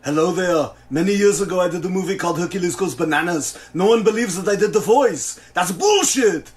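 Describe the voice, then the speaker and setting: A man doing a loud bragging voice actor. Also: high voice, lively intonation, a little fast. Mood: boastful. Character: boastful male voice actor proving his dub. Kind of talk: comedy sketch clip.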